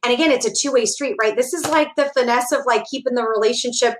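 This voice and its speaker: A woman recruiter, a guest on a podcast, calmly explaining hiring advice with examples in casual talk. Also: on the high side, fast. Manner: thoughtful, explains with examples, uses fillers. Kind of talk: casual interview chat.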